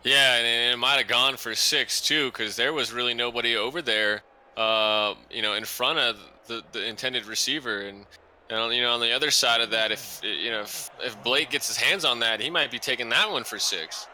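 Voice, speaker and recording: A man's voice: medium pitch, normal speed, pushed and bright, a little hiss or hum. A man doing color commentary on a simulated football game, talking casually with lots of fillers and restarts. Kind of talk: live esports football commentary.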